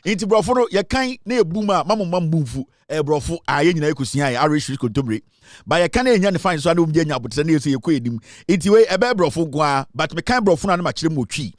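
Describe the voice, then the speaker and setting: A man with a Ghanaian accent hosting a casual show, talking with animated, playful banter. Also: on the high side, racing, no room sound, studio quality. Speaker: show host. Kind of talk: casual show talk, mixing English and Twi.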